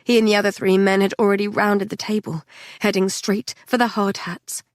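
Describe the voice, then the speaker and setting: Brief: female audiobook narrator, measured and even, dry close sound. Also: mid-range voice, no echo.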